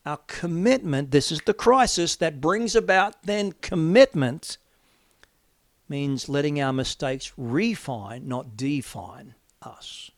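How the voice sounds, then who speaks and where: A middle-aged male preacher with a somewhat high voice delivers a sermon. He swings between loud, emphatic declarations and soft, near-whispered asides. The recording is close and dry. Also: expressive, takes it slowly, no echo.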